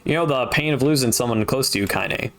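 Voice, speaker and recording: A man reading aloud, voicing a fierce, foul-mouthed old grandmother with a gruff, blunt manner. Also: mid-range voice, brisk, a bit bright, natural voice. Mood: stern.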